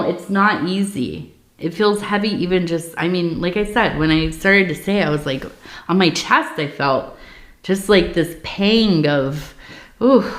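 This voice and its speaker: Woman reader, gentle and musing, unhurried delivery, recorded in an echoey room. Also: mid-range voice. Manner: soft, reflective, meandering with many fillers. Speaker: tea leaf reader. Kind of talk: intimate spoken reading. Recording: roomy echo.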